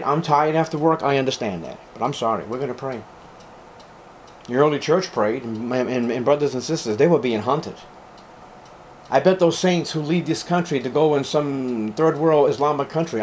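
Fervent and emphatic, a man preaches a sermon as pastor to his congregation, punching key words with sudden loud, high rises. There's slight background noise.

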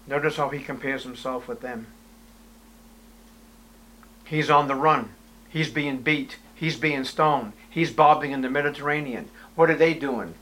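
A man preaching an expository sermon, reading scripture aloud in old wording and firing rhetorical questions, his voice swinging from loud to hushed. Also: mid-range voice, a little slow, pauses often. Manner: reads scripture aloud in King James wording.

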